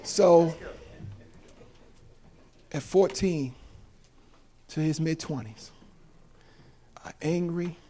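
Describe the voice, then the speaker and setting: A man in his fifties, a preacher giving a sermon that builds from quiet storytelling to shouted, tearful preaching. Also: fairly high pitch, very slow, long pauses. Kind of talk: sermon testimony.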